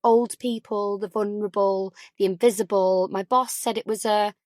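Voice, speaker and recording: A woman's voice: medium pitch, fairly even intonation, normal speed, a little mellow, no echo, clean studio sound, close to an everyday voice. A woman voicing a pushy, gossipy mother of three in an audiobook, talking in an effusive, lilting way. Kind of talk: audiobook character voice.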